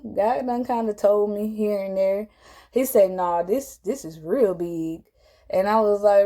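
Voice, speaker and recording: A woman telling a personal story to camera, animated and emotional, her voice jumping high when she quotes herself. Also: measured pace. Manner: animated, jumps high when quoting herself, tearful at moments.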